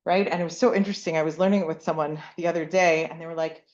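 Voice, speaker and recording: A woman and mother of young kids teaching a lively Torah class, often asking "right?" and acting out the lines she quotes. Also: sits low, rapid-fire, hardly any pauses, muffled recording. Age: adult parent with young kids. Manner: animated, keeps asking "right?", acts out quotes. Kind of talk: lively Bible class lecture.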